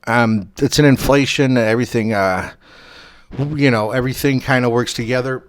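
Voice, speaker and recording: Halting man hosting a comedy talk show. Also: medium pitch, steady tone, smooth, no room sound. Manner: halting, full of ums and uhs. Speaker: host.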